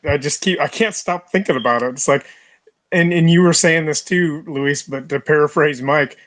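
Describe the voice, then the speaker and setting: A man's voice: a little high, normal speed, a bit bright, dry recording. A man co-hosting a podcast, musing in an amused, casual way. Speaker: podcast co-host, veteran. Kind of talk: casual conversation.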